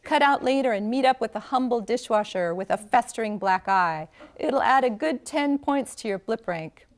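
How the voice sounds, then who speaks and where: A woman's voice: on the high side, animated, normal speed, natural voice. A woman reading the lines of a cocky, teasing young male staffer who coaches a student with bossy confidence. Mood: coaxing.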